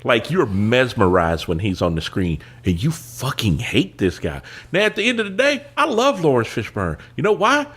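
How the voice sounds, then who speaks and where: A man hosting a podcast, telling stories in casual chat with animated delivery and casual swearing. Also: mid-range voice, moderate pace, few pauses, breathy edge. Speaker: podcast host.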